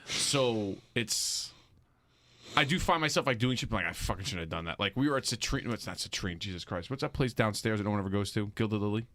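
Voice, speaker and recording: A man's voice: lowish voice, a little fast, no echo. A man co-hosting a casual podcast, telling rambling stories with lots of restarts and swearing. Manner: rambling, animated storytelling with many restarts and swearing. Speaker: podcast co-host. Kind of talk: casual chat.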